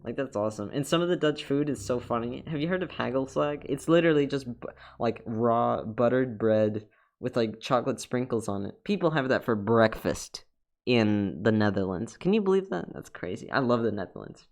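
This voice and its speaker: A man's voice: medium pitch, expressive, normal speed, vocal fry, darkish tone. A man chatting casually while he draws on a live stream, rambling and upbeat, full of fillers and restarts. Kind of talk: casual chat while drawing. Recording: faint music behind the voice.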